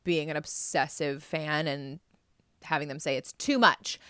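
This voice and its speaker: A woman's voice: low voice, steady tone, a little slow, fairly bright tone, clean tone, no echo, studio quality. A woman co-hosting a comedy podcast over a video call, chatting casually and reassuring her co-host. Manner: supportive, reassuring. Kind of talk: casual chat.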